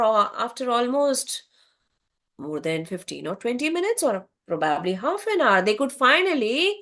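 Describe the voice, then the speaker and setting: A woman storyteller narrating an animal fable in an expressive, sing-song way. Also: a little high.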